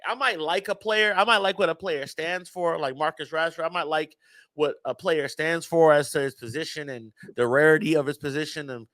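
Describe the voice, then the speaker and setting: A man's voice: a little high, fairly even intonation, fairly quick, fairly bright tone, dry recording. A man hosting a football fan channel, giving an emphatic, exasperated reaction rant and talking straight to his viewers.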